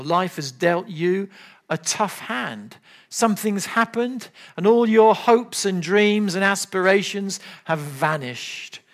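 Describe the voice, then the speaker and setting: An older man preaching a sermon, earnest and emphatic, at times dropping to soft, low appeals.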